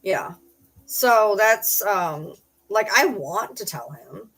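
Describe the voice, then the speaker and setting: A woman's voice: medium pitch, animated, slow pace. Blunt, profane middle-aged woman streamer. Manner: blunt and profane, with loud yelled bursts. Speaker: streamer reading chat. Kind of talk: casual live-stream chat.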